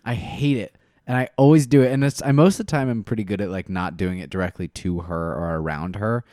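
A man's voice: fairly low pitch, brisk, warm tone, no echo, clean studio sound. A man co-hosting a comedy podcast in casual chat, self-mocking and jokey. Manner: self-mocking, jokey, breaks into silly voices. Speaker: podcast co-host.

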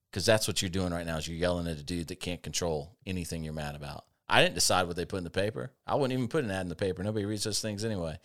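This man hosts a casual podcast, trading sardonic stories about a past job and laughing frequently as he chats. His voice is deep and a bit bright.

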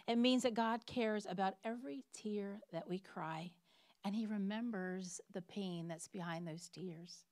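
A woman's voice: medium pitch, unhurried, a little mellow, dry recording, studio quality. A woman preaching a sermon in an earnest, emphatic way, reading scripture and telling personal stories.

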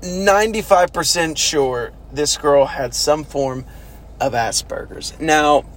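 A man casually telling stories from basic training, animated and swearing, now and then shouting out quoted orders. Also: on the high side, slow, a little hiss or hum. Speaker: former army recruit telling stories. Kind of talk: casual storytelling chat.

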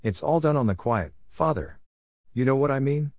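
A man's voice: medium pitch, lively intonation, normal speed, a little mellow, no echo, studio quality, voice pushed up, lightly acted. A man reading the lines of a sly, drunken, bullying husband in a storybook, wheedling and snarling.

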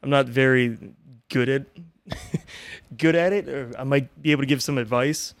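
A man guest on a podcast, talking in relaxed casual chat with brief jokes. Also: mid-range voice, normal speed, no echo. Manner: relaxed, joking, brief reactions.

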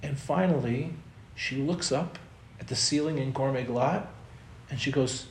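A man's voice: mid-range voice, a little fast, a little mellow, a little hiss or hum. A man giving a spiritual talk to an audience, conversational and storytelling, acting out the people he quotes. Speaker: Torah teacher. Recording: roomy echo, faint ambience.

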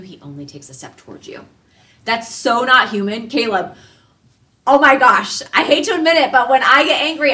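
Earnest woman with a bright, forceful voice. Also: lowish voice, recorded from a distance. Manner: earnest, heartfelt, quick swings between soft and lively. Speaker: interview guest. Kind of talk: candid personal storytelling.

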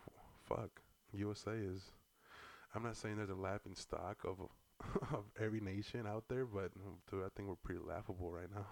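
A man co-hosting a casual podcast, talking in a rambling, profane way with lots of slang. His voice sits a little low, and he breaks into loud bursts now and then. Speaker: podcast co-host. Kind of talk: casual political chat.

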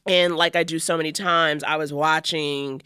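Bright-voiced woman telling a rambling story. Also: low voice, fairly even intonation, moderate pace, smooth, no room sound, clean studio sound. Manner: rambling, filler-heavy, self-mocking. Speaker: podcast co-host. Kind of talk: casual storytelling chat.

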